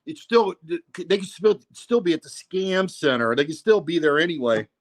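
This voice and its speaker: A man's voice: on the high side, normal speed. A man hosting a casual livestream, rambling and profane, full of "you know, man.". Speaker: livestream host.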